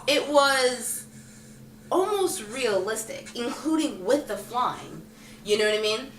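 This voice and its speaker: Female vlogger, bright, lively delivery, slightly higher pitch, roomy echo. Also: takes it slowly, slight background noise. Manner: animated, acts out characters' lines. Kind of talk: casual film review chat. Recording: roomy echo, distant mic, faint music.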